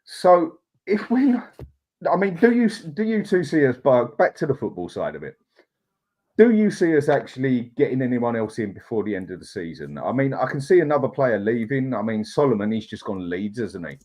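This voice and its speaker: A man's voice: mid-range voice, very animated, normal speed, a little mellow. A man with a London accent, co-hosting a casual football podcast and telling blokey, sweary anecdotes. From London, England. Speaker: podcast co-host.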